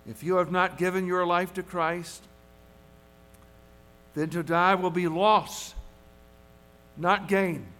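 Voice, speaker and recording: High-voiced pastor preaching slowly. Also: male voice, fairly even intonation, fairly bright tone. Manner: earnest, measured preaching with emphatic repetitions. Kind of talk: sermon.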